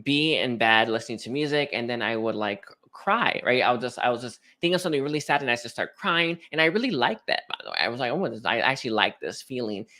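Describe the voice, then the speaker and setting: A man's voice: mid-range voice, fast talker, hardly any pauses, bright, forceful tone. A man giving a casual, rambling spiritual reading, chatting to viewers with lots of fillers and restarts. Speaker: spiritual card reader.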